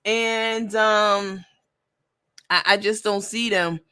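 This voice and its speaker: Blunt sassy woman host, bright voice. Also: mid-range voice, steady tone, extremely slow, smooth. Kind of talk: commentary vlog.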